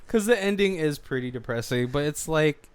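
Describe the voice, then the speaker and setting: A movie commentary podcast co-host speaks into a studio mic with an expressive, clear, resonant voice on the high side, at a moderate pace. He chats casually, rambling, using lots of fillers and laughing often.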